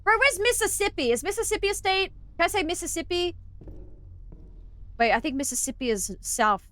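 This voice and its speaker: A woman's voice: extremely high pitch, expressive, a little fast, sharp tone, no room sound. A young Australian woman streaming a game, chatting playfully with viewers, giggling and sounding out words as she rambles. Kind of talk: casual live-stream chat while gaming.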